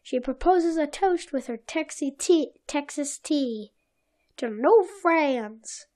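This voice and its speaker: A woman's voice: sits high, animated, slow pace, a little mellow. A woman co-hosting a podcast, recounting a cartoon episode in blunt, offhand bits during casual chat. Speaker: podcast co-host.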